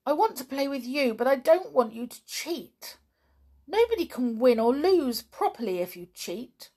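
A woman voicing a sulky, hot-tempered young boy who cheats at games, talking in whiny, indignant shouts. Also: high-pitched, big pitch swings, a little slow, voice pushed up, heavily acted. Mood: tearful.

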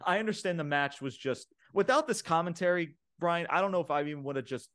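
Excitable man recapping wrestling, laughing. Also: a little high, fast talker, smooth. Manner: excitable, laughing, many fillers like "like" and "freaking". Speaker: podcast co-host reviewing wrestling. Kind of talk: casual wrestling recap chat.

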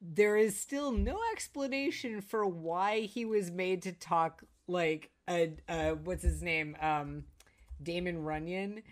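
A woman's voice: on the low side, slow. A woman co-hosting a casual movie review chat, searching thoughtfully for her words. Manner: thoughtful, repeats phrases while searching for words. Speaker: podcast co-host.

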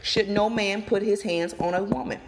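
A woman vlogger delivers casual opinion commentary outdoors, speaking straight to her viewers. Her delivery is emphatic and animated, with frequent repetition for effect. Her voice sits at an ordinary middle pitch. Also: normal speed. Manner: emphatic, animated, repeats and addresses viewers directly. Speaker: gossip vlogger.

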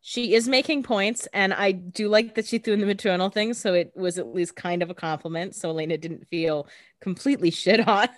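A woman's voice: mid-range voice, fairly quick, no room sound. Young woman cracking dry asides. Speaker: podcast co-host. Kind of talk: casual TV episode recap.

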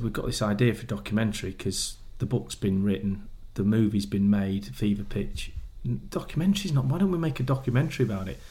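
A man, a former footballer, chatting casually and telling animated stories, often laughing as he acts out what people said. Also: on the low side. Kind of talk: casual chat.

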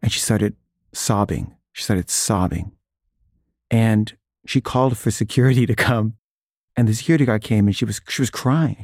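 A man's voice: fairly low pitch, moderate pace, a little mellow, slightly rough, dry recording, clean studio sound. A man casually telling a personal story, full of filler words.

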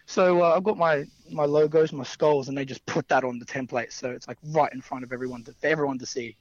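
A man's voice: mid-range voice, steady tone, quick pace, no room sound. A young man telling casual stories as a wrestler guest, rambling with fillers and frequent laughter. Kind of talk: casual anecdotal storytelling. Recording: dull lo-fi dry sound.

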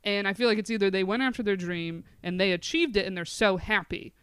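A man in a casual podcast chat who talks quickly and keeps quoting what other people say. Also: high voice, smooth, dry recording. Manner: quick, animated, quotes other people's words.

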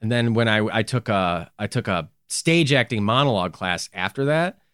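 A man in casual podcast chat, telling anecdotes in an animated way and saying "like" often. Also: lowish voice, moderate pace, clear, resonant tone, no echo, studio quality. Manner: animated storyteller, heavy use of "like".

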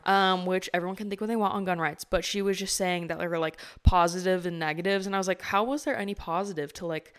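A woman's voice: lowish voice, steady tone, fast talker, hardly any pauses, clean tone. A young woman hosting a podcast in casual interview chat, talking in a chatty way full of "like". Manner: chatty, heavy use of "like", conversational. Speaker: podcast host.

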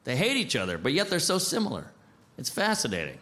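Lively thirties man doing stand-up. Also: on the high side, fast. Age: 30s. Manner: punchy, animated, acts out other people in quotes. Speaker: stand-up comedian. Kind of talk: stand-up comedy set. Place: comedy stage before an audience. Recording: noisy live stage recording.

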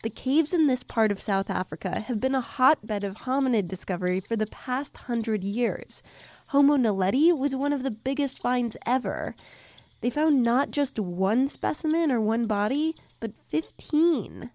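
A woman hosting a science podcast, explaining things clearly and cheerfully, recorded at her desk. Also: fairly high pitch, animated, unhurried, darkish tone. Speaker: podcast host. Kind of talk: scripted science narration.

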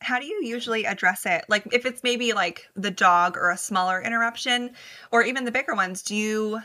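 A woman's voice: mid-range voice, brisk, bright, forceful tone. A woman co-hosting a podcast, asking a string of follow-up questions. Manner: asks stacked follow-up questions. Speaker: podcast co-host. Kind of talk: casual interview chat.

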